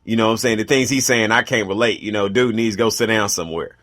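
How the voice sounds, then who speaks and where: A man co-hosting a radio talk show, talking in a relaxed, conversational way. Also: fairly low pitch, fast talker. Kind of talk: casual chat.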